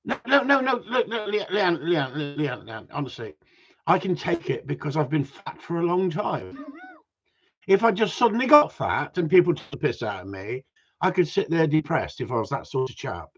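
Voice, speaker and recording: A middle-aged man with a husky voice, chatting bluntly on a live stream with sweary, self-mocking banter. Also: on the high side, very animated, moderate pace, fairly bright tone. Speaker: dog trainer livestreaming. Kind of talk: casual live-stream chat. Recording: dull lo-fi livestream audio.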